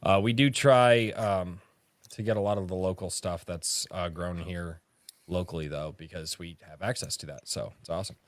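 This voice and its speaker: A man's voice: low-pitched, fairly even intonation, moderate pace, dry recording. A man hosting a casual livestream chat, rambling with frequent restarts and casual swearing. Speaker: podcast host.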